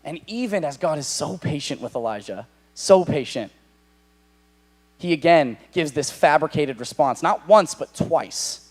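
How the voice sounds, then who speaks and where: A young man with an American accent preaching a sermon to young adults, animated, acting out the characters in paraphrase. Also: fairly high pitch, measured pace, faint music behind. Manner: animated, voices God and Elijah in paraphrase.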